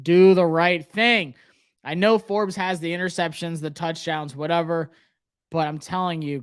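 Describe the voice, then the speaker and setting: A man's voice: a little high, smooth. Anxious young man reacting live. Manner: anxious, excited, talks to himself. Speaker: sports livestream host. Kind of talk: live draft reaction stream.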